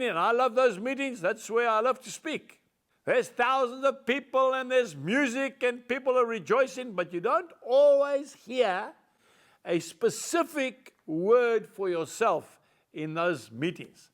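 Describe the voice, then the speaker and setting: A man with a naturally loud voice delivers a devotional sermon and reads scripture aloud. He speaks in a fairly high register with an emphatic, folksy manner, addressing his listeners directly as folks. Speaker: preacher.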